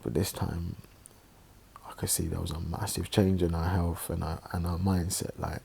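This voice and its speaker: A man telling a personal story in a halting, reflective way, with many pauses and restarts, sounding subdued and emotional. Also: low-pitched, little pitch movement, gravelly, mellow, slight background noise. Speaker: online religious presenter.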